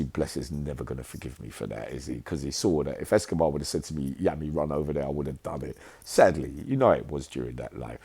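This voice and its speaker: A man's voice: extremely low pitch, gravelly, warm tone, slightly rough. A middle-aged man, telling prison stories in a streetwise, rambling monologue. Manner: streetwise, rambling, asks "right?". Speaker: vlogger recounting prison life. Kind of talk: storytelling monologue.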